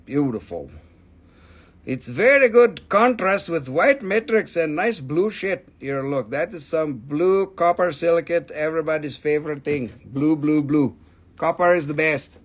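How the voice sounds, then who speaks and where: A male host selling minerals on a live stream. He is excitable and playful and reels off prices and stock numbers. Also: fairly high pitch, a little slow. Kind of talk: live sales stream, casual chat.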